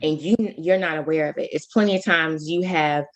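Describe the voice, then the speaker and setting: Lively storytelling woman, low voice. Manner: animated storytelling with sudden rises in pitch; talks fast, full of restarts. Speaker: podcast co-host. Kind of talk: casual chat.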